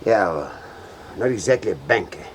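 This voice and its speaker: An actor playing a dry, sarcastic business partner, trading cutting put-downs. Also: male voice, low-pitched, animated, normal speed, slight background noise. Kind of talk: sitcom acting.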